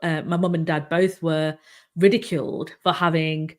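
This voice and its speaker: A woman hosting a relaxed interview, talking in a fairly low voice with a mild northern English accent. Her delivery is loose and chatty, full of "you know"s and restarts. She comes through a video-call connection. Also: moderate pace. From England, Manchester. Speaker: host. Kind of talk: casual interview chat.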